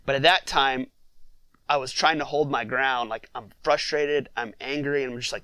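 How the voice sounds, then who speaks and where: A man, a father of six, telling a family story in a relaxed podcast interview, with lots of fillers. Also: mid-range voice, moderate pace, clean tone, dry recording, low-quality recording. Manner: conversational, many fillers, reflective storytelling.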